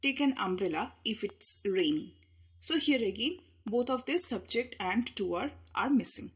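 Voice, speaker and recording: A woman teaching an English grammar lesson, explaining each point slowly and patiently with repeated examples. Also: on the high side, lively intonation, slightly rough. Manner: leans hard on key words when showing emphasis.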